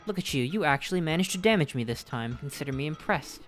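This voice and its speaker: A man's voice: on the high side, lively intonation, fast talker, soft background music, lightly acted. A man reading aloud as an arrogant evil knight who was once a childhood doll, in a melodramatic villain delivery. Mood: gloating. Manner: melodramatic villain reading, swings to panicked shouting. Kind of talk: reading game dialogue aloud.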